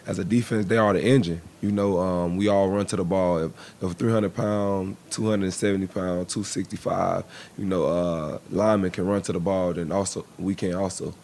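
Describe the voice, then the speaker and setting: Young football player on radio, deep gravelly voice, lots of you know and uh, faint hiss behind. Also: male voice, fairly even intonation, darkish tone. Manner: halting, many fillers. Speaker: football cornerback, guest. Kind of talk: radio interview.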